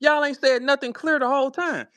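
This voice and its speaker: A man's voice: extremely high pitch, fairly even intonation, brisk, bright, forceful tone, no echo. A man hosting a heated online audio chat, swearing, taunting, and laughing at the people he is challenging. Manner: profane, confrontational, laughing taunts. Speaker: host. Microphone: online audio room.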